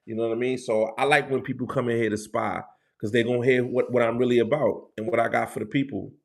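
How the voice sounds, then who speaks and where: A man's voice: mid-range voice, steady tone, quick pace, vocal fry. A man from the Bronx with a New York accent, chatting casually with viewers on his livestream, repeating phrases and talking in street slang. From New York City, the Bronx. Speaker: livestream host.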